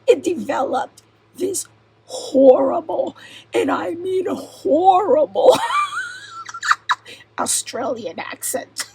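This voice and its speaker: Middle-aged woman vlogger, breathy half-whisper, high lively pitch, unhurried, giggly. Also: low-quality recording. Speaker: crafting vlogger. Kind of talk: casual unboxing chat.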